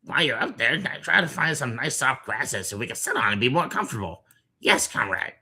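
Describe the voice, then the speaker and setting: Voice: medium pitch, animated, brisk, sharp tone, husky, full character voice. An actor voicing squabbling, cowardly rat creatures in a video game, whiny and bickering. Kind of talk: video game character dialogue.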